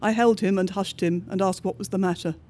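A man with a notably high voice reads a bleak diary-style story aloud. His delivery is measured and understated, with each entry set down plainly. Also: fairly even intonation, darkish tone. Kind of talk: scripted narration of a diary story.

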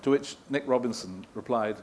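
A man's voice: medium pitch, normal speed, very noisy. A middle-aged man telling anecdotes to a live audience, rambling and self-deprecating with frequent chuckles. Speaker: guest interviewer at a live event. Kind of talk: anecdotal talk answering audience questions.

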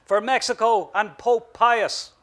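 A man reading aloud, voicing a hearty rural Irish soldier who shouts rallying calls with a rural Irish accent. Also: high voice, moderate pace, voice pushed up. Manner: loud, rallying, folksy. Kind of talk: author reading a story aloud.

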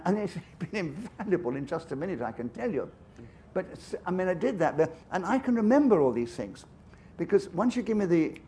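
A man's voice: high voice, dark tone, a little hiss or hum. An older man with an English upper-class accent, a guest author telling anecdotes on stage in a chatty, self-amused way with frequent asides. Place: festival stage.

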